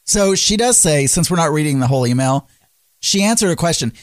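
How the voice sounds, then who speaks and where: An easygoing man co-hosting a podcast in relaxed chat. His pitch wanders freely, and the recording is dry. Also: brisk, no room sound. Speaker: podcast co-host.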